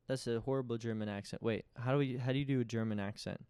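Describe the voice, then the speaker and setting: A man's voice: on the low side, fairly even intonation, fast talker, darkish tone, clear, resonant tone, dry recording, studio quality. A man, hosting a podcast in a rambling, self-interrupting comedic monologue. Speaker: podcast host.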